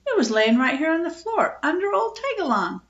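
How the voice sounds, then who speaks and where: A woman voicing an eager young boy who makes excuses, with a raised, bright voice. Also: very high-pitched, sing-song, fairly quick, roomy sound, lo-fi sound, pitched above the performer's own voice, exaggerated voice.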